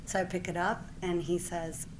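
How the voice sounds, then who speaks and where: A woman's voice: lowish voice, normal speed, slight background noise. A woman in her forties from Puerto Rico, a physician accepting an award, telling a personal story in a speech. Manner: lively storyteller who acts out the exchanges she retells. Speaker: award recipient giving a speech.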